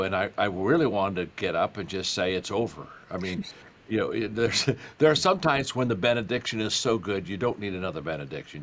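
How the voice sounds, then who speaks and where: A man's voice: fairly low pitch, a little hiss or hum. Older male author telling stories. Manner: warm storytelling, repeats words, animated. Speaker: guest author. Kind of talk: conversational interview.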